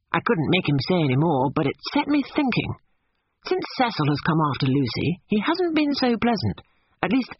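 A man's voice: sits high, breathy edge, lo-fi sound, voice pushed up, full character voice. A man reading an audiobook, voicing a sulky, blunt young man who grumbles at his mother.

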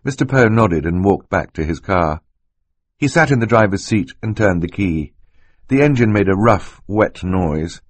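Low, husky male audiobook narrator. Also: no room sound. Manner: measured, expressive. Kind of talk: scripted narration. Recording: dry close recording.

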